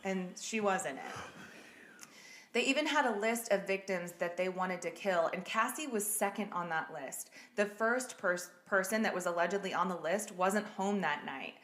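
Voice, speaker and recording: A woman's voice: medium pitch, normal speed, a bit bright. A woman hosting a podcast, telling a true-crime case in a casual, blunt way and swearing freely. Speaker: podcast host. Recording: echoey room.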